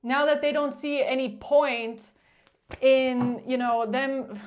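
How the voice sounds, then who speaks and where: A woman's voice: sits high, fairly even intonation, slow. A woman giving a tarot reading in a blunt, emphatic way, cursing when she gets frustrated. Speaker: tarot reader.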